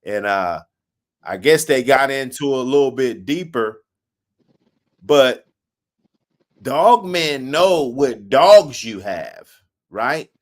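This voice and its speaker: A man hosting a casual stream, swapping stories in loose slang. He laughs often and swears freely, his voice sitting at an ordinary middle pitch. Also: expressive, slow pace, long pauses. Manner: acts out quoted people in a raised voice. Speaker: host. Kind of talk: casual live-stream storytelling.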